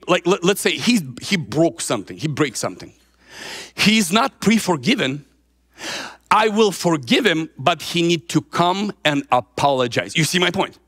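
A man's voice: fairly high pitch, fairly bright tone. A man preaching an informal sermon, emphatic and given to repeating words for stress.

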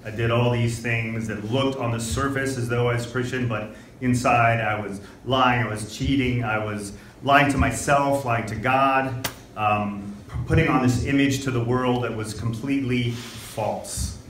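A man's voice: medium pitch, steady tone, measured pace, a bit bright, slight background noise. A man from Ohio giving an earnest, confessional testimony of faith with repeated phrases. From Ohio, United States. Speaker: retreat participant giving testimony. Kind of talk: personal testimony. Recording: echoey room, far from the mic.

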